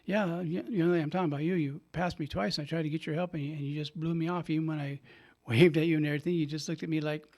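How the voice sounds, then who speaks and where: A man's voice: a little high, fairly even intonation, quick pace, a little mellow. Chatty older man hosting radio. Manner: chatty, laughing, acts out his own quotes. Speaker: radio show host and priest. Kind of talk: casual storytelling monologue. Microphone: studio microphone.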